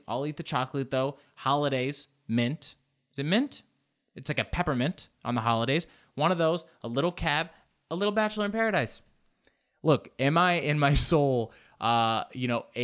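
A young man hosting a casual solo chat, rambling and self-mocking, with loose slang and lots of fillers. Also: medium pitch.

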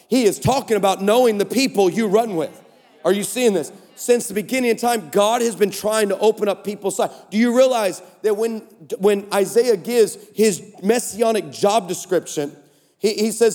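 High-voiced animated male preacher in a hall. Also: moderate pace. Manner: animated, swings between shouting and low asides. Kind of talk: sermon. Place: large conference hall. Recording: reverberant hall.

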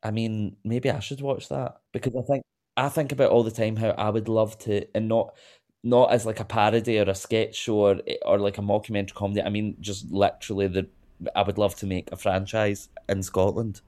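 A young man chatting casually as a podcast guest, rambling and gushing with quick asides and self-interruptions. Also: fairly low pitch, level tone, mellow. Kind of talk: casual chat.

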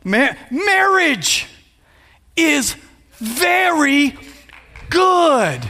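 A man in his fifties, a pastor, preaching a playful sermon that builds to shouts. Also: very high voice, very animated, drawn-out words, creaky, a little hiss or hum. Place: church sanctuary. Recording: long hall reverb.

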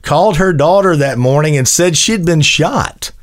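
A man hosting a casual radio talk show, reading odd news stories in a slow, emphatic, wry way. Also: fairly high pitch, animated. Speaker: radio host.

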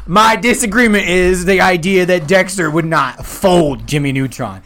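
A man's voice: high voice, unhurried, hardly any pauses, a bit bright. A young man co-hosting a podcast, bantering and arguing playfully, laughing often. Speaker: podcast co-host. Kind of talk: casual banter.

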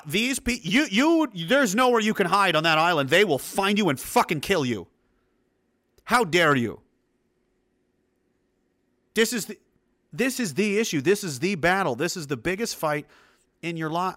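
Male commentator, furious profane rant, bright and punchy tone. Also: high-pitched, dry recording, clean studio sound. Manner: heated, profane, emphatic. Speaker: political commentator. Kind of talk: ranting monologue.

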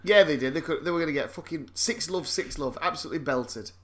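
A man's voice: a little high, fast talker, fairly bright tone. A man co-hosting a podcast, swearing often, laughing and telling stories in casual banter. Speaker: podcast co-host.

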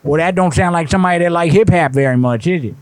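Cranky, profane old grandpa at a bingo hall, played by a man, raised pitch, close and dry. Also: fast talker, close to an everyday voice. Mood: scolding. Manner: ranting, profane, rough slang grammar. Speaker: prank caller.

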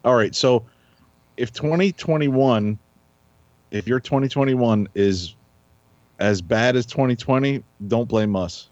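A man's voice: mid-range voice, takes it slowly, pauses often, a little mellow, dry recording, highs cut off. A man co-hosting a podcast, joking around and laughing often in casual banter. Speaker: podcast co-host.

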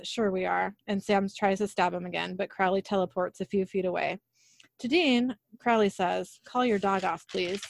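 A woman with a mid-range pitch and some vocal fry casually recaps an episode, voicing every character's dialogue in her own everyday voice and laughing at her slips. The recording is dry and close, with no room echo.

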